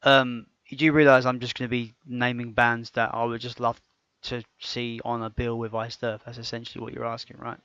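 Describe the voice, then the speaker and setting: This man's mid-range voice is level, brisk, clean, and a bit bright. Co-hosting a podcast, he chats eagerly and casually, stumbling through restarts. The recording is dry, dull, lo-fi podcast audio.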